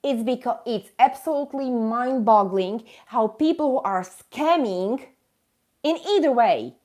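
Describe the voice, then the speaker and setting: A woman's voice: high-pitched, darkish tone. A woman hosting a live stream, ranting with indignant emphasis and breaking into chatty, self-mocking asides to viewers. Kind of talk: impassioned live chat rant.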